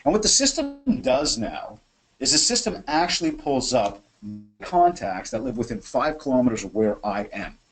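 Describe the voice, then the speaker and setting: A man hosting a webinar from his office, coaching sales in an energetic, chatty way and acting out phone calls. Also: mid-range voice, moderate pace, soft background music, rough recording. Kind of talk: animated software demo and sales coaching.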